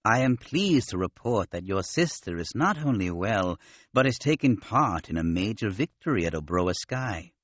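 A man voicing a polite, modest male alien commander with a nasal, gentle manner. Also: fairly low pitch, very animated, moderate pace, husky, no room sound, lo-fi sound. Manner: gentle, courteous.

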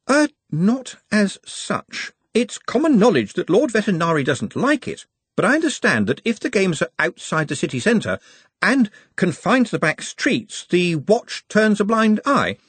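A man's voice: high-pitched, big pitch swings, a little slow, fairly bright tone, slightly rough, no echo, voice pushed up, exaggerated voice. A man voicing a fussy, anxious young male wizard clerk who speaks in a precise, hesitant and apologetic way.

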